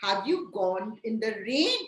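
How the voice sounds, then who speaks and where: A woman's voice: on the high side, big pitch swings, unhurried, a bit bright, roomy sound, poor audio. A woman voicing a kind woman vet in a storybook tale, cooing and fussing over her animal patients. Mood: fussing, soothing.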